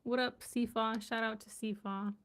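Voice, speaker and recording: A woman's voice: a little high, fairly even intonation, normal speed. A woman language vlogger chatting casually as she reads and sounds out unfamiliar words, curious and laughing at herself. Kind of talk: casual live reading and chat.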